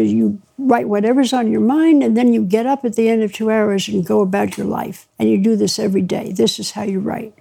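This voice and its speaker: Woman author, warm mid-high husky voice, animated storyteller who laughs through her tales. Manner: lively raconteur, mimics dialogue, laughs often. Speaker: author being interviewed. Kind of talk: anecdotal storytelling.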